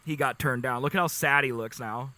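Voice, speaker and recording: Excitable bright-voiced male streamer. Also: mid-range voice, brisk, no echo. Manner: excitable, gushing, laughs often. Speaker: live streamer. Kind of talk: casual livestream chat.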